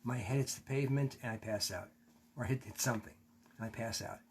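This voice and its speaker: A man teaching a class tells a personal story candidly, swearing and acting out his own words from back then, as storytelling woven into a lecture. His voice is medium-pitched and a little fast, and there's slight hiss or hum.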